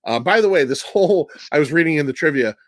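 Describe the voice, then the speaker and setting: A man's voice: fairly high pitch, no echo, clean studio sound. Laughing man retelling a movie. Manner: laughing, animated retelling with quick impressions. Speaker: podcast host. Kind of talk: casual movie chat.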